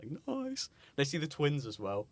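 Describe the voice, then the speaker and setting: A young man co-hosting a podcast, casually chatting and joking as he spins out absurd pitch ideas. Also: huge pitch swings, normal speed, no room sound. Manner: jokey, riffs out absurd story pitches. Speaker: podcast co-host. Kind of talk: casual chat.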